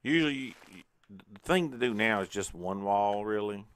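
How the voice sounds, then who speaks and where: Male let's-play host, lowish voice, rambling casual self-talk over gameplay. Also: animated, moderate pace, fairly bright tone. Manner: chatty, talks to himself while playing. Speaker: gaming channel host.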